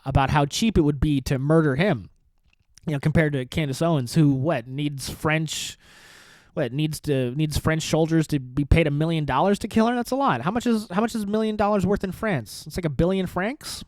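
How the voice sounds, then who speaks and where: A man's voice: on the high side, normal speed, darkish tone, dry recording. A man hosting his own podcast, talking alone in a sarcastic, provocative, rambling way. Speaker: podcast host. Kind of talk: solo comedic podcast rant.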